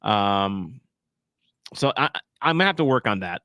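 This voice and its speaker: A man's voice: fairly low pitch, animated, a little slow, pushed and bright, clean tone, no room sound. A man in his thirties hosting a casual live watch-along stream, chatty and self-deprecating, rambling between topics.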